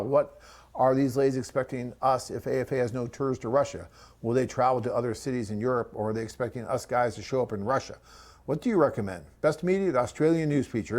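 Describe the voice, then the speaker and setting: A man hosting a live webcast and answering viewer questions in a chatty, rambling way, often tagging on "right?" and pausing with "um". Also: mid-range voice.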